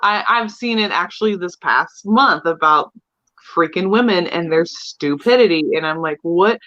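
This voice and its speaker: A woman's voice: fairly low pitch, moderate pace, pushed and bright. Candid chatty woman, lo-fi audio. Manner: candid, chatty, laughs often. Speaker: podcast co-host. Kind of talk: casual chat. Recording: dull lo-fi sound.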